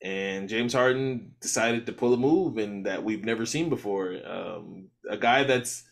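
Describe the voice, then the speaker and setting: A man's voice: lowish voice, measured pace, vocal fry. A man co-hosting a casual podcast chat, laid-back and full of slang, recapping news for listeners. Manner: animated, laid-back slang, quotes others. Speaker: podcast co-host.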